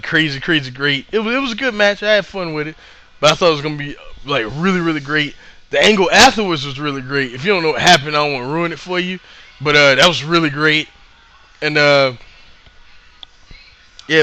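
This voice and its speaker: A man casually recapping a live show he attended, rambling and excitable with lots of fillers. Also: a little high.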